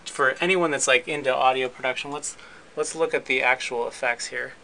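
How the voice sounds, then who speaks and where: A man hosting his podcast, casually walking through his recording and editing setup in a relaxed, rambling way with frequent restarts. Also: mid-range voice, brisk, gravelly, slight background noise, poor audio. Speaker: podcast host and editor. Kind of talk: casual gear walkthrough.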